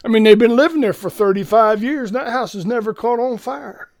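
A man's voice: very high voice, fairly quick, a little mellow. A man hosting an informal preaching podcast, talking in an earnest, folksy and urgent way.

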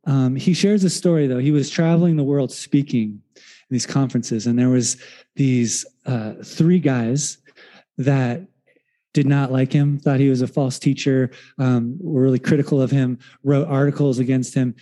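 Casual-sounding male pastor with a warm voice. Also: mid-range voice, steady tone, moderate pace. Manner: conversational storytelling with fillers, acts out quoted voices. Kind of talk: sermon.

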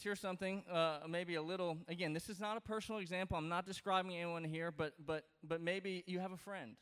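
Chatty pastor in a big hall. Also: male voice, high-pitched, fairly bright tone, clear, resonant tone. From Louisiana. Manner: conversational, joking, lots of fillers and restarts. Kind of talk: sermon. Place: large church auditorium. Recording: reverberant hall.

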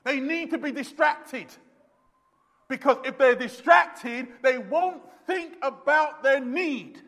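Male pastor, very high voice, emphatic preaching that drops to a hush and rises to shouts, long church reverb. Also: slow. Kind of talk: sermon. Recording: long echoey reverb of a hall.

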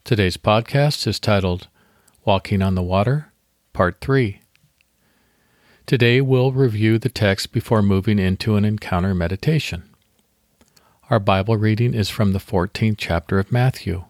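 A man hosting a devotional podcast, reading scripture slowly and leading a guided meditation. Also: on the low side, darkish tone, dry recording, studio quality.

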